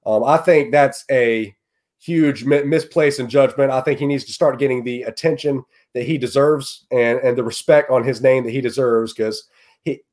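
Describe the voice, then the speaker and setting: A man's voice: medium pitch, fairly even intonation, moderate pace, a little mellow. A man with an ordinary mid-range voice gives fantasy football analysis on a casual podcast. He is earnest and often restarts with repeated words. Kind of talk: casual sports podcast chat.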